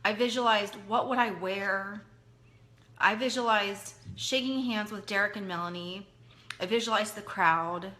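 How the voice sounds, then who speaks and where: A woman's voice: medium pitch, a little slow, sharp tone. A woman leading a direct sales team, speaking earnestly and conversationally as she motivates them, repeating points for emphasis.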